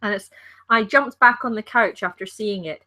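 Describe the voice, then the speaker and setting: A woman's voice: medium pitch, moderate pace, bright, forceful tone. A Scottish woman co-hosting a livestream, reading a story aloud with stumbles, self-corrections and giggles. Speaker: co-host reading stories aloud.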